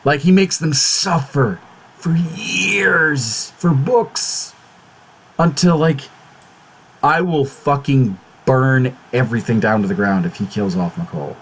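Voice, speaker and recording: Speaking slowly at a medium pitch over slight background noise, this YouTube channel host chats casually about his worries. His swearing is frequent, he keeps restarting his words out of agitation, and his tone turns fretful and exclamatory.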